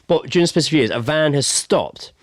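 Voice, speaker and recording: A man, co-hosting a podcast, chatting casually and joking around with quick riffs. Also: a little high, lively intonation, no room sound, clean studio sound. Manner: joking, riffs into silly voices. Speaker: podcast co-host. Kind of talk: casual chat.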